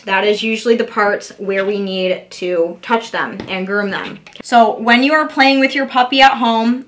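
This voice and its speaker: Slightly high-voiced woman dog groomer. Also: fairly bright tone. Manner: patient, repetitive coaching tone. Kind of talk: instructional demo.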